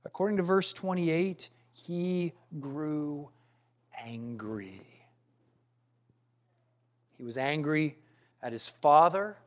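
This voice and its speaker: A man preaching a sermon, earnest and questioning, with dramatic pauses and some restarts. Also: a little high.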